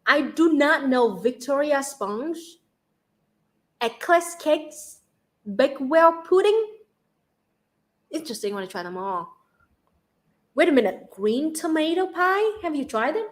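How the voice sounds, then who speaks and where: A woman from Central Vietnam with a Vietnamese accent, hosting a casual livestream chat, bubbly and quick to laugh. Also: sits high, big pitch swings. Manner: bubbly, laughs often, reads donation questions. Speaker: livestream host.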